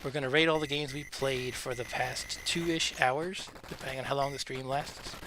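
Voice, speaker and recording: A man's voice: medium pitch, fairly even intonation, noisy background. A man hosting a casual live game stream from home, out of breath, chatty and joking with asides. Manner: chatty, self-deprecating, with fillers and quick asides.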